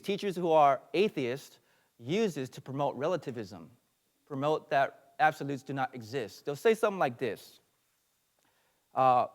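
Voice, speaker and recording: Earnest man teaching a sermon. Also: medium pitch. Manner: earnest lecturing with fillers and asides. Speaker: pastor.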